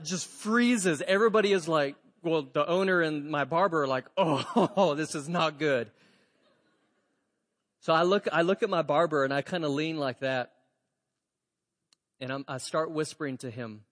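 A man preaching to his congregation and telling a story with lively acted-out dialogue. His voice sits high for a man. The sound rings with the long reverb of a church sanctuary. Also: normal speed. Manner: animated storyteller, acts out dialogue. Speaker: pastor. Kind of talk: storytelling sermon.

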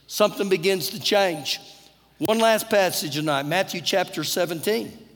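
A man's voice: high voice, moderate pace, a bit bright. A man with a Texan accent, a pastor preaching an earnest, conversational sermon with repeated phrases. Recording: long church-hall reverb.

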